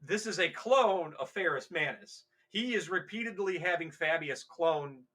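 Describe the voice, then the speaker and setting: A man's voice: fairly high pitch, expressive, moderate pace, a bit bright. A man co-hosting a podcast, casually retelling a novel's plot in a rambling way and acting out characters' lines as he goes. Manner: rambling, acts out characters' lines mid-story. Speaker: podcast co-host.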